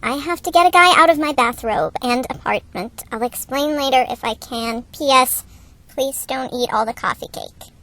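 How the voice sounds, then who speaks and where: A woman performing every part of an improvised radio comedy, switching quickly between characters. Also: high voice, sharp tone. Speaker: voice actor performing all parts.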